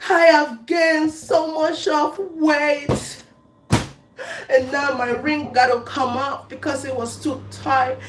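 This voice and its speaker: A woman in a drawn-out, repetitive, mock-wailing comedy riff, half singing her lines. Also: sits high. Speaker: comedic content creator. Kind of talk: improvised sing-song comedy riff. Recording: echoey room, far from mic, faint hum.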